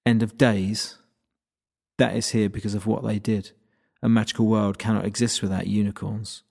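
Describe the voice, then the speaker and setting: A grumpy unicorn stallion past his prime, as a male narrator puts him on, talking low and sullen. The voice broods over old grievances. It is a storybook figure read aloud. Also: flat delivery, moderate pace, gravelly, a little mellow. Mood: bitter. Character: grumpy aging male unicorn, bitter and proud.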